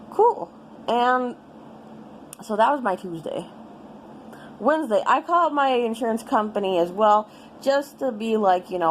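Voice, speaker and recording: A young woman with a fairly high voice vents in a casual personal update, rambling and cursing as she goes. A faint hum of room noise sits under her speech. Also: rough recording. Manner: rambling, frustrated, swears freely. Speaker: vlogger.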